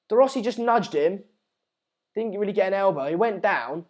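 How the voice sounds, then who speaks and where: A man's voice: sits high, animated, a little slow. A man hosting a live football watchalong, chatting casually and reading out viewer comments. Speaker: live stream host.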